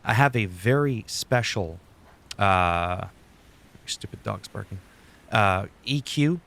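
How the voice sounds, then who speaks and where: Slow and animated, a man with a low, gravelly yet fairly bright voice rambles and swears his way through a casual screen-recorded tutorial on recording settings. He's a YouTuber talking into a studio dynamic mic at his home desk setup.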